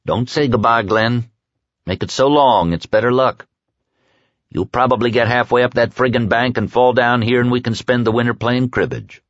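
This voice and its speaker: A man voicing an injured man from East Texas, calm and firm in a plain-spoken drawl. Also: mid-range voice, moderate pace, no room sound, voice pushed up, natural voice. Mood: gentle. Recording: dull lo-fi dry recording.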